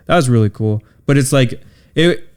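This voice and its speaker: A man co-hosting a podcast in casual chat, talking in a relaxed, reflective way with many fillers. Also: medium pitch, moderate pace, smooth. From Southern California. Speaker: podcast co-host.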